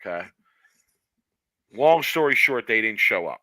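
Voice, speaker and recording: A man co-hosting a podcast, spinning an animated story and acting out the people in it. His voice is very bright and cutting. It sits close and dry on the mic, with no room sound. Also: lowish voice, a little slow, no echo, low-quality recording. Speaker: podcast co-host. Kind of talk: casual storytelling chat.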